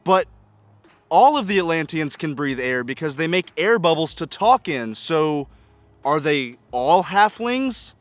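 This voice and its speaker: A man's voice: fairly high pitch, big pitch swings, unhurried. A man giving a casual spoken movie review, exasperated and nitpicking, stacking up rhetorical questions. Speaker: film reviewer.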